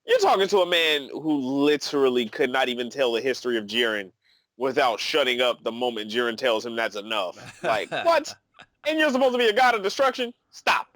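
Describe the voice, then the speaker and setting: A man's voice: medium pitch, animated, a little fast, fairly bright tone, dry recording. A man co-hosting a casual review discussion, with sarcastic, incredulous remarks. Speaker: anime reviewer, co-host.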